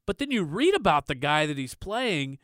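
A man's voice: fairly high pitch, normal speed, no echo, studio quality. A man co-hosting a podcast, talking loosely about movies with lots of fillers. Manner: relaxed, loose, filler-heavy. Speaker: podcast co-host. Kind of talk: casual movie chat.

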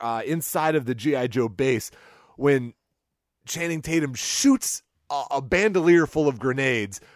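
A man's voice: a little high, no echo, studio quality. A man co-hosting a casual movie review chat, wry and rambling, often restarting his sentences. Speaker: podcast co-host reviewing a movie.

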